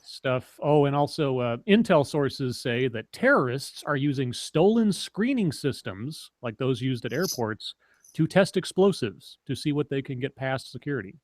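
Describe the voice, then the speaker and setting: A man's voice: medium pitch, big pitch swings, normal speed, no echo, studio quality. A man hosting a casual online talk show, chatting, laughing often and reading news headlines aloud. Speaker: show host. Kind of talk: casual podcast chat.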